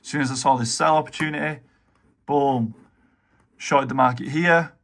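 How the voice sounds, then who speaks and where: A man's voice: medium pitch, steady tone, normal speed, creaky, fairly bright tone. A young British man giving casual, slangy, swear-heavy commentary on his live trades, exasperated by near misses. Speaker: day trader.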